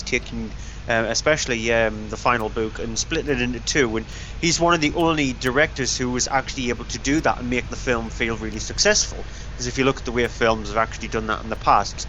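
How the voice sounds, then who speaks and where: A man co-hosting a film talk show, arguing his point in a measured, reasoned way. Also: mid-range voice, a bit bright, highs cut off, a little hiss or hum. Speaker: co-host film reviewer. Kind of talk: casual spoken film discussion.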